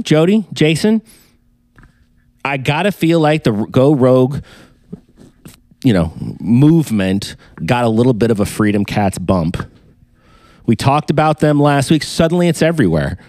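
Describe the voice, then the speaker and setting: A man's voice: mid-range voice, a little mellow, dry recording. Rambling male podcast host, dry sound. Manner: rambling, joking, hypes sponsors. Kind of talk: casual chat and sponsor reads.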